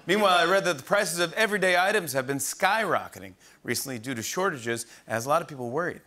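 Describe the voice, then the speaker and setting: A man's voice: on the high side, expressive, fairly quick, slight background noise. A man in his forties hosting a late-night comedy monologue, giggling at his own jokes. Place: TV studio with live audience. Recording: broadcast with loud audience laughter.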